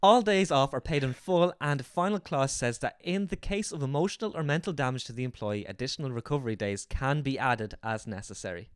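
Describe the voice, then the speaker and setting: A man's voice: mid-range voice, brisk, few pauses, clear, resonant tone, dry recording. A man with an Irish accent, hosting a casual comedy chat show, rambling and correcting himself as he goes. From Ireland. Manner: rambling, self-correcting, laughs often. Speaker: host.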